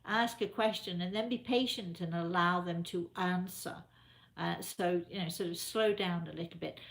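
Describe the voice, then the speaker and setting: An older woman working as a spiritual medium answers viewers in a live session, chatting informally, repeating herself, and advising them gently. She has a lowish voice and keeps a moderate pace.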